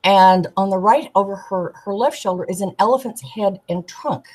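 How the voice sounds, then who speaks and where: Husky-voiced woman telling animated stories. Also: mid-range voice, normal speed, rough recording. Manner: animated storyteller, giggly, acts out quoted voices. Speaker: tarot deck artist, guest. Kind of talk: casual storytelling chat.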